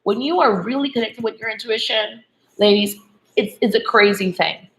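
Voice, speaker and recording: A woman's voice: fairly high pitch, normal speed, a bit bright, rough recording. A woman love coach giving a motivational spiritual talk to women, checking in with "okay?" and "right?" as she goes.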